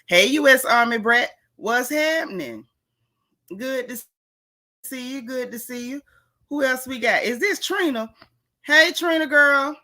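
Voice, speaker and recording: Woman, livestream host, fast sassy chat, higher-pitched. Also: expressive, pushed and bright. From Florida. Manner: fast, sassy, talks straight to viewers.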